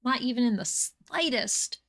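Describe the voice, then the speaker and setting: A woman's voice: fairly high pitch, lively intonation, unhurried, a bit bright. A woman streaming a game live, chatting casually and breaking off to scold and coo at her cats.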